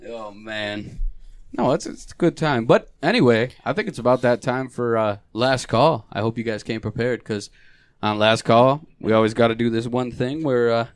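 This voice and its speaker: A man's voice: medium pitch, moderate pace, clear, resonant tone, no echo. A man co-hosting a podcast in casual chat, telling stories in a laid-back way and swearing casually. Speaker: podcast co-host.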